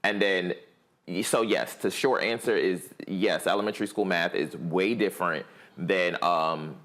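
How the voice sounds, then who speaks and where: A man's voice: low voice, a little slow, fairly bright tone. A man who teaches math, explaining plainly and earnestly as a guest on a talk panel.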